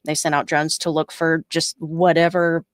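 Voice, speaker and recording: A woman co-hosting a podcast, retelling a story in a rambling, animated way with fillers. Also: deep voice, normal speed, clear, resonant tone, no echo, studio quality. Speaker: podcast co-host. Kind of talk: casual storytelling chat.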